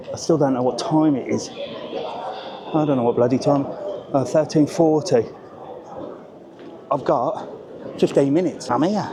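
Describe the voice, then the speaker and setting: A man from Birmingham with a Brummie accent, vlogging casually on the move through train stations, chatty and grumbling, swearing offhand. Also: mid-range voice. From Birmingham area, England. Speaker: travel vlogger. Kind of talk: casual vlog. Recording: noisy station ambience.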